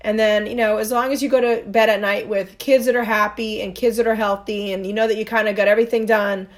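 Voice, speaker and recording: A woman's voice: mid-range voice, flat delivery, fast talker. A woman co-hosting a podcast, telling stories in casual chat with many fillers and asides. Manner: storytelling, rambling with fillers. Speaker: podcast co-host.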